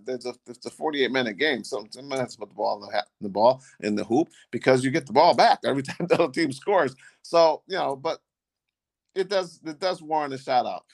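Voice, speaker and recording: Gravelly man in rambling sports chat. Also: mid-range voice, expressive, dry recording. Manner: rambling, halting with many restarts. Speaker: podcast co-host.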